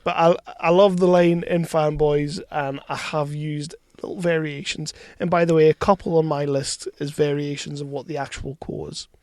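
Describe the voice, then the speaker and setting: A man trades film banter on a podcast, laughing often and swearing freely as he acts out favourite quotes. His voice sits a little high, and the sound is close and dry. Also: little pitch movement, normal speed, few pauses, a little mellow, no room sound. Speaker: podcast co-host. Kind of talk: casual banter.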